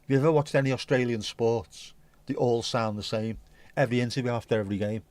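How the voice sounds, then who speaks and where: A man's voice: mid-range voice, fairly even intonation, quick pace, darkish tone, no echo. A man hosting a casual livestream, rambling and chatty, swearing casually and humming little tunes. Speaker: livestream host.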